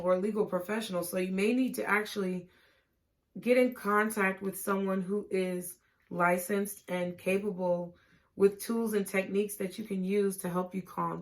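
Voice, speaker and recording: Reassuring woman reading tarot. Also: mid-range voice. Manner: gentle and reassuring, with frequent "okay?" check-ins; casual, laughing and swearing at times. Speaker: tarot reader.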